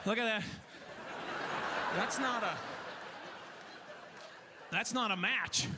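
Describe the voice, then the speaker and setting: A man doing a stand-up comedy set on stage, telling self-mocking stories in an animated way. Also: high voice, slow, over a noisy crowd, very noisy. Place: comedy festival stage before a live audience.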